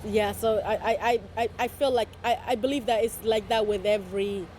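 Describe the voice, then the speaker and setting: A young woman being interviewed, talking casually and with animated storytelling. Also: medium pitch, brisk, slight background noise. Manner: animated storytelling with quoted voices.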